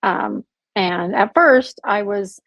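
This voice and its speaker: A podcast guest who is an abuse survivor recounts her own story in a candid personal interview, speaking slowly in a gravelly, slightly husky mid-range voice. She's emotional and animated, laughing and acting out quotes. The audio is dull, dry, and close, with no room echo.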